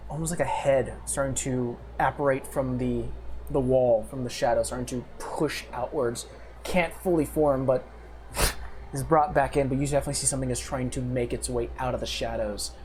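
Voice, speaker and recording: A man narrates a tabletop game as its game master. His descriptions are loose and full of fillers and restarts. His voice sits in a middle pitch, with faint noise behind it. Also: a little mellow.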